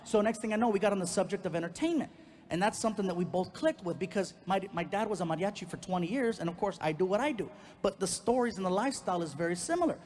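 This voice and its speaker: High-voiced comedian on a reverberant stage. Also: male voice, quick pace. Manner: animated, acting out quoted people in the story. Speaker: stand-up comedian. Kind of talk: stand-up storytelling. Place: comedy stage before a live audience.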